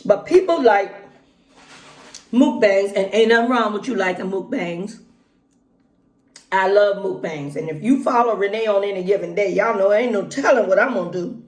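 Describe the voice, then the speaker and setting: A folksy woman vlogger chats casually while eating in a mukbang-style video. Her medium-pitched voice comes between bites with pauses, and the room sounds echoey.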